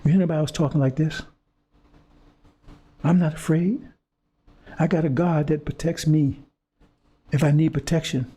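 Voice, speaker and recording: A man with a fairly high, mellow, slightly rough voice preaches at a moderate pace with fairly even intonation and long pauses. His monologue to the audience is impassioned and confrontational, marked by repetitive phrasing and stammered restarts as he searches for words.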